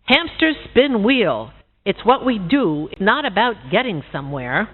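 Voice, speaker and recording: A woman voicing a stubborn male hamster who insists slowly and doggedly, on a tinny recording. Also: medium pitch, very animated, husky. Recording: tinny phone-like sound.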